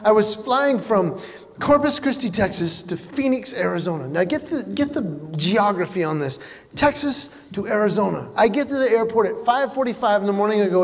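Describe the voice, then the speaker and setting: A man performing stand-up comedy, telling animated stories and acting out what other people said. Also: high voice, a little fast. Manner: animated storytelling, acts out other people's lines. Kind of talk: stand-up comedy to a live audience. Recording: hall reverb with faint noise.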